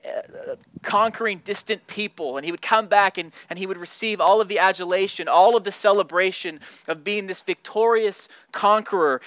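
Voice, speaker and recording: A man's voice: sits high, fairly bright tone, a little hiss or hum. A man preaching a sermon in an earnest way, often repeating words as he searches for the right phrase. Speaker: pastor.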